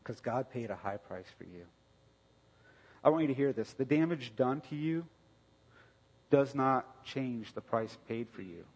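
A middle-aged man preaching a conversational sermon, telling a family story with restarts and sudden loud bursts. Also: medium pitch, lively intonation, unhurried, pauses often, slightly rough. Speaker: pastor. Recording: long reverb of a hall.

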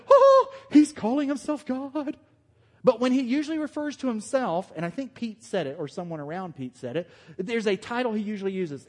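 A man's voice: sits high, darkish tone. A man preaching a sermon as pastor, talking in a loose, conversational way and joking with his congregation. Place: church hall with long reverb. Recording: long hall reverb.

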